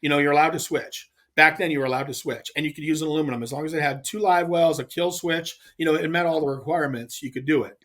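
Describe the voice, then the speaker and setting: A man as a guest telling a long, animated story in casual chat, emphatic and rambling. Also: on the high side, fast, few pauses. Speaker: guest angler.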